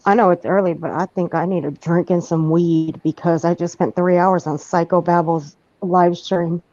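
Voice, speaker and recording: A woman hosting a casual livestream panel, blunt and quick to swear. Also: lowish voice, steady tone, darkish tone. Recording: dull, lo-fi call audio.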